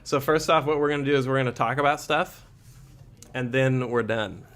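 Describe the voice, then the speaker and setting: A man's voice: medium pitch, moderate pace, fairly bright tone. A man hosting a comedic radio-style show, bantering in a mock-serious, self-deprecating way. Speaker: host. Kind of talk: joking podcast-style radio chat.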